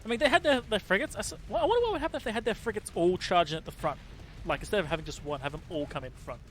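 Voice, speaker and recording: A man casting a game tournament, excitable and laughing often, catching and correcting his own slips. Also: high-pitched, racing, a little hiss or hum. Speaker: tournament caster. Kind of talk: casual game commentary.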